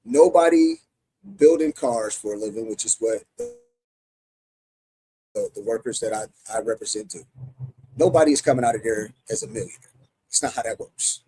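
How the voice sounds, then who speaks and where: Emphatic husky American man. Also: lowish voice, moderate pace, pauses often, mellow, rough recording. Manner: emphatic, many repeated restarts. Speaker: union president. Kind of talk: podcast interview answers.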